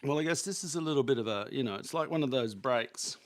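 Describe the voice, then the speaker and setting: A man hosts a casual livestream, talking fast with lively intonation in a loose, rambling, chatty way to his viewers. Now and then he speaks to his dogs in a high baby voice.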